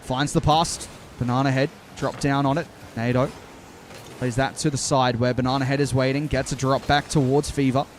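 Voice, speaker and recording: This young esports commentator has a mid-range voice with little pitch movement as he briskly calls a live match. He stops occasionally to reply to chat, over slight background noise.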